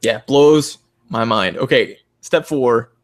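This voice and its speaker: A man's voice: medium pitch, slow. A man co-hosting a podcast, riffing sarcastically and swearing as he mocks what he reads, often slipping into mocking voices. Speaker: podcast co-host; advises parents. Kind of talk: casual comedic commentary.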